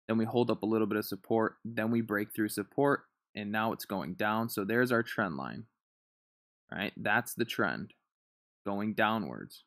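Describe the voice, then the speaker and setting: A man's voice: lowish voice, no room sound. Man, trading tutor, casual chart walkthrough, dry close sound. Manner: loose and chatty, often checks in with "right?". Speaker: stock trading instructor. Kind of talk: casual screen-share chart lesson.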